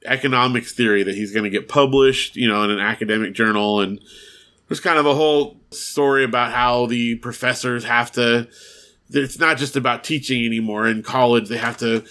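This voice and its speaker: Bright-voiced man recapping a sitcom episode. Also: medium pitch, normal speed. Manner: recaps plot with acted-out quotes and laughs. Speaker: podcast co-host. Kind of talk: casual episode recap chat.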